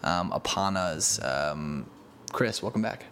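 A man hosting a casual soccer podcast, talking in a halting way with many fillers and restarts. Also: sits low, a bit bright, slight background noise. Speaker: podcast host. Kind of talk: casual sports chat.

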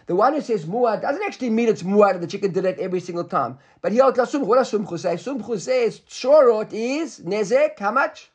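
Husky high-voiced man teaching Talmud. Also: animated, a little fast, hardly any pauses. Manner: explains step by step, often asks "right?" to check students follow; mixes English with Hebrew and Aramaic terms. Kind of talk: Talmud class lecture.

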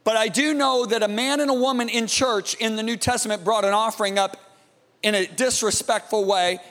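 A man preaching a sermon, telling a story dramatically and dropping to a hushed, awed tone. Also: sits high, steady tone, fairly quick, in a large hall. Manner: dramatic, swings from loud emphasis to hushed awe.

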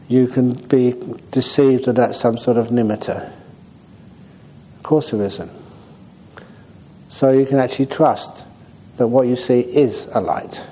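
A man, a Buddhist monk, giving a relaxed, humorous dharma talk on meditation in a meditation hall. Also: medium pitch.

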